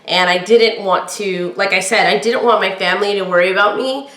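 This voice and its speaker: Woman, middle-aged, candid, chatty, loud projecting voice, mid pitch, echoey room. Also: fairly quick. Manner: candid, chatty, quotes others in lively voices. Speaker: podcast host. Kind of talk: personal storytelling.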